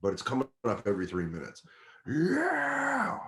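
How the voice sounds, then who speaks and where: Low-voiced man telling a profane story. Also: normal speed. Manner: profane, animated, acts out other people's voices. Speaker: guest comedian. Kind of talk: casual storytelling.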